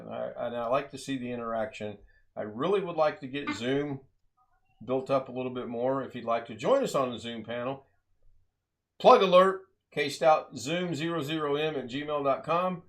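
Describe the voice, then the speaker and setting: A man's voice: medium pitch, fairly bright tone. A man hosting a casual live stream, chatting loosely with guests, laughing often and rambling through asides. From United States.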